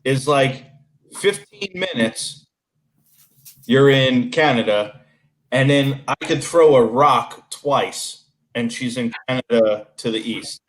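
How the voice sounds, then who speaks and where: A man's voice: mid-range voice, slow. A man in his late thirties with a Long Island accent, bantering in a casual podcast chat. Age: 30s. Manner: bantering, drops blunt one-liners. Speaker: podcast co-host.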